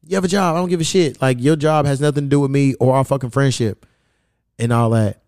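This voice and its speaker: A man's voice: medium pitch, fairly even intonation, fast talker, creaky, a little mellow, clean tone, no room sound, studio quality. A man hosting a podcast in casual chat, telling stories bluntly and cursing constantly. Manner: blunt, profane storytelling. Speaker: podcast host.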